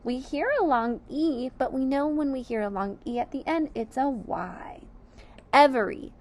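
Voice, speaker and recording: A woman teaching a slow, deliberate phonics and sight-word lesson for young children, sounding out each letter and syllable and praising the class. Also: sits high, darkish tone.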